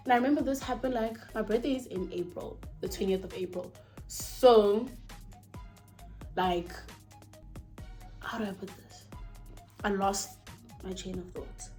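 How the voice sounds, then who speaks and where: A young South African woman telling a personal story at home in a chatty, animated way, swearing freely and losing her thread now and then. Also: medium pitch, a little slow, long pauses, soft background music. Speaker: vlogger. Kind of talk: casual storytime.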